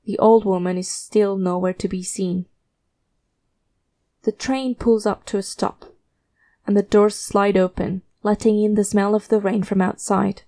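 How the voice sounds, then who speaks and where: A woman reads a first-person fiction story aloud with a mellow, warm tone. Her delivery is measured and steady, carrying a quiet tension. It sounds like a scripted audiobook narration. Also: mid-range voice.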